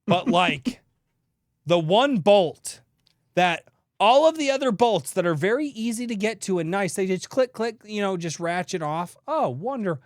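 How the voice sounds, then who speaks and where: A man in his thirties tells rambling comic stories on a podcast, acting out his own grumbles with plenty of swearing. His voice sits high for a man and is recorded close and dry. He jumps between quick bursts and slower stretches. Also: lively intonation, no echo. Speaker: podcast co-host. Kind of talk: casual comedic storytelling.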